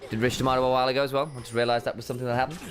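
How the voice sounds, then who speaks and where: A man doing jokey, animated play-by-play commentary on an esports match. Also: medium pitch, rapid-fire. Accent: put-on casting accent. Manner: animated, jokey, rising excitedly on big plays. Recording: game music behind the commentary.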